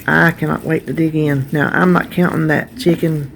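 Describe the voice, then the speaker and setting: A woman's voice: deep voice, fairly even intonation, normal speed, gravelly, a little hiss or hum. A woman chatting casually to camera as a vlogger, talkative and heartfelt. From North Carolina, USA. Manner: chatty, warm-hearted, trails off and restarts.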